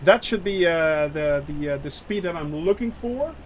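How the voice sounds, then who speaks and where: A man's voice: on the high side, expressive, moderate pace, a little hiss or hum. A man streaming a flight simulator live, chatting with viewers and talking through the flight with many fillers and restarts. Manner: chatty, lots of fillers, reads chat aloud; nervous about landing. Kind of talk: live gameplay commentary.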